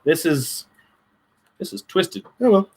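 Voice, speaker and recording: A man's voice: high voice, animated, takes it slowly, a little mellow, a little hiss or hum. A man chatting casually on a crafting livestream, muttering to himself as he works, with dry sarcastic asides.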